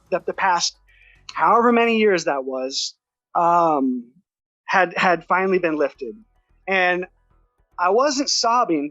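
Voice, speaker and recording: Earnest high-voiced man telling a story. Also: a bit bright, no echo, dull audio. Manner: earnest, heartfelt, rushed with restarts. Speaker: podcast guest. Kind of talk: personal storytelling.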